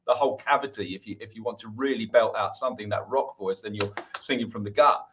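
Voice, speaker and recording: A man's voice: lowish voice, fast talker, a bit bright. A man with an English accent, a musician guest talking earnestly about singing in a casual interview. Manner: earnest, explains with many restarts.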